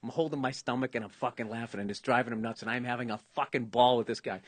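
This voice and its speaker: A man's voice: mid-range voice, fairly even intonation, quick pace, no room sound. A man in his fifties with a Boston accent, telling a long comic story on a podcast, swearing freely and acting out the other people's lines. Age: 50s. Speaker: comedian, podcast host. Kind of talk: casual storytelling chat.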